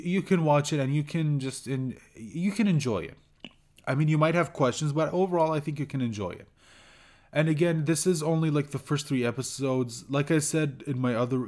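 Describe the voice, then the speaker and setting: A man giving a casual spoken review of a cartoon episode, talking haltingly with many fillers and restarts and chuckling now and then. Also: medium pitch, darkish tone. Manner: chuckles while recounting scenes. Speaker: show reviewer.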